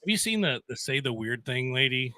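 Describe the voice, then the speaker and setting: Bright-voiced male radio co-host. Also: mid-range voice, a little fast, no echo. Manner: animated storyteller, laughs often. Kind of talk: casual on-air banter. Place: radio studio.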